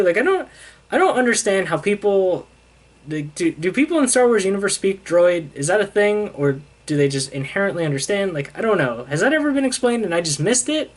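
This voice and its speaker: A young man casually retelling a comic book plot, rambling and self-deprecating as he paraphrases the characters. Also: fairly high pitch.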